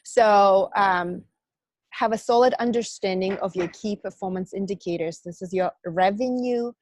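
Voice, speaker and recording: A woman leading an online business training, energetic and coaching, guiding breathing and chanted affirmations. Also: medium pitch, moderate pace, dry recording.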